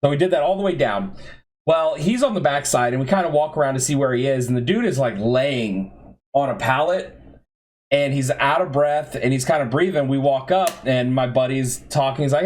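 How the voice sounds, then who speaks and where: A man on a podcast telling a funny story about an old job in a casual, animated way, acting out the quotes. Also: medium pitch, brisk. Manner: animated, laughing, acts out quotes. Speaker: podcast co-host.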